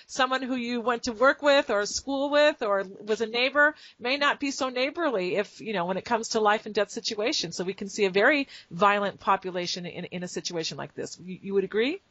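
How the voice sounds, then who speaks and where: A middle-aged woman with a fairly high voice hosts an interview. She asks questions conversationally, with small hesitations. The audio is dry and dull. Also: fairly bright tone, no echo. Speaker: interview host.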